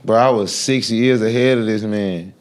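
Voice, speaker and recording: A man, guest on a podcast interview, talking in a brash, animated way with loud bursts of laughter. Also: on the low side, normal speed. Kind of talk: casual interview talk.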